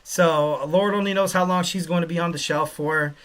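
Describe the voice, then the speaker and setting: A man with a high, bright voice hosts a casual wrestling podcast. He rambles through opinions, circling back with fillers and light jokes as he goes. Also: steady tone, normal speed. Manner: rambling, lots of "you know" fillers, joking asides. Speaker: podcast host.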